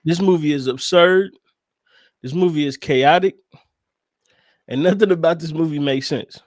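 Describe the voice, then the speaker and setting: A man's voice: a little high, normal speed, no echo. A man co-hosting a podcast, talking animatedly and profanely about a movie and laughing often. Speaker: podcast co-host. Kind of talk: casual movie review chat.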